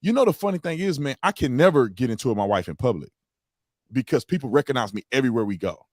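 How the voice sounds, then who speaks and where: Guy hosting a podcast, super lively pitch, dry close sound, acts out what people said. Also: fast, dry recording. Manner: animated storyteller, acts out quotes loudly. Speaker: podcast host. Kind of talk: casual chat.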